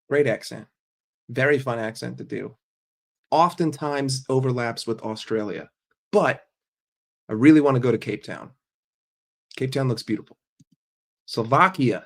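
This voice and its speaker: A man with a medium-pitched voice hosts a casual livestream. He reads chat messages aloud and responds in a blunt, sarcastic, swearing rant. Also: measured pace, pauses often. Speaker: livestream host reading chat.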